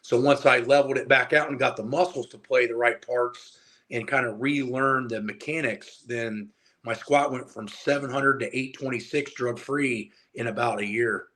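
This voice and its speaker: A man in his forties from Indiana, a guest telling stories in a casual interview, animated and casually profane. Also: medium pitch, moderate pace. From Indiana, USA. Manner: animated storyteller who acts out dialogue and swears casually. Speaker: guest, powerlifter and strength coach.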